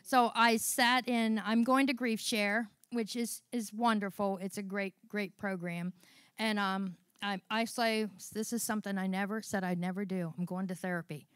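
A woman's voice: mid-range voice, steady tone, a bit bright, clear, resonant tone, no room sound. A woman shares a personal testimony at a church service. Her voice sits mid-range and sounds dry and close. She rambles and stops and starts, circling back to her points. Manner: rambling, halting, full of restarts and fillers. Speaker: church member giving testimony. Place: church sanctuary.

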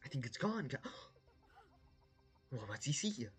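A YouTube host reacting to animations in an excitable way, gasping often and repeating words when alarmed. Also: mid-range voice, slow pace.

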